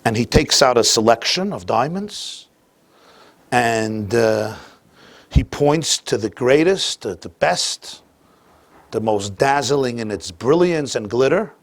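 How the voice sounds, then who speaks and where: A man teaching a class as a rabbi, telling a story sprinkled with Yiddish and Hebrew phrases and swinging between quiet asides and loud emphatic bursts. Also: medium pitch, lively intonation, slow pace, dry recording.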